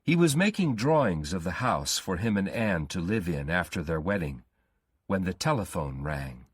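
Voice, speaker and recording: A male storyteller narrating a graded-reader story slowly and carefully. His voice is deep and husky, with a lively rise and fall. The recording is close and dry. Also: no echo. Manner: slow, careful reading.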